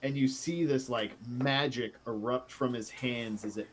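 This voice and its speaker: A man narrating as game master in a casual online tabletop game, describing scenes slowly with fillers. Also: mid-range voice, steady tone, slight background noise.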